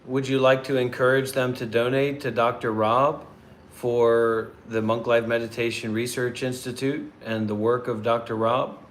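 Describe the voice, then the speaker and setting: A man's voice: mid-range voice, flat delivery, moderate pace. Male meditation vlogger, casual questioner, rambling and repetitive, faint room hiss. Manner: rambling, repetitive, restarts often. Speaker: meditation teacher, channel host.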